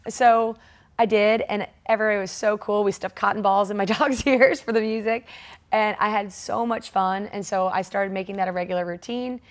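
A woman in her forties, guesting on a casual interview as a triathlete, tells a story at a slightly quick clip. Her mid-range voice is animated, and she laughs and acts out the quotes.

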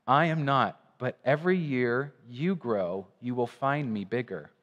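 A man voicing a wise, gentle male lion who speaks calmly and gravely, during a sermon reading. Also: mid-range voice, unhurried, big-room sound, lo-fi sound, lightly acted.

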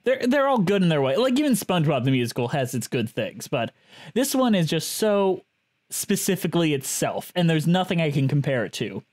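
Lively, animated male podcast co-host. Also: a little high, a little fast. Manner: enthusiastic, probing questions. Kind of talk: casual chat about musicals.

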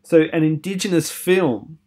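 A man's voice: fairly high pitch, a little slow, darkish tone. A man giving a university film lecture, chatty and opinionated, with many fillers, putting questions to his students.

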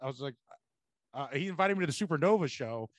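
High voiced guy hosting a podcast, swears a ton, animated stories, dead dry mic. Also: fast talker, dry recording. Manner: animated storyteller, swears a lot. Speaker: podcast host and comedian. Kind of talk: casual chat.

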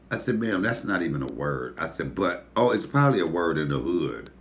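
A man with a deep voice, hosting a casual mukbang and telling animated, profane stories while he eats. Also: brisk, vocal fry, few pauses. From Detroit, USA. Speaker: comedian and mukbang host. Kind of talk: casual storytelling while eating.

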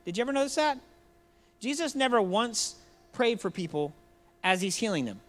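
A man's voice: high voice, big pitch swings, moderate pace, a bit bright. A man preaching a sermon in a church, joking and conversational, addressing the congregation directly. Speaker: pastor.

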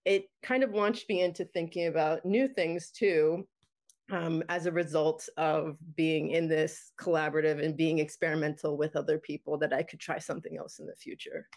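A woman's voice: low voice, steady tone, moderate pace, darkish tone. A woman filmmaker chatting about her experimental work, full of fillers, restarts and small laughs. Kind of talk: casual panel chat.

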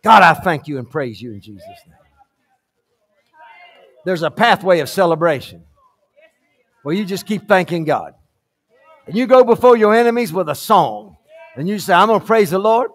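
A man preaching a fiery sermon to his church, urging the congregation on with repeated calls that swing from hushed storytelling to shouts. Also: sits high, very animated, moderate pace, long pauses. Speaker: pastor. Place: church sanctuary, live service.

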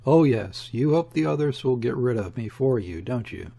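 A man reading the lines of a gloomy, desperate conspirator with a husky voice, in an audiobook. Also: mid-range voice, lively intonation, moderate pace, warm tone. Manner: gloomy and bitter. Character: gloomy desperate middle-aged male conspirator.

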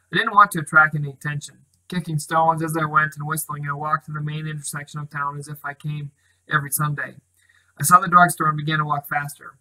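Male reader for a novel, soft-spoken, slightly higher voice. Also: poor audio. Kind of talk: reading a novel aloud.

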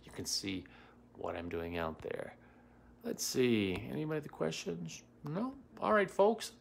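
A man's voice: mid-range voice, huge pitch swings, measured pace, vocal fry, slight background noise. A middle-aged man hosting a casual livestream as a psychic medium, greeting viewers by name and answering comments with many fillers. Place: home in Washington, D.C.

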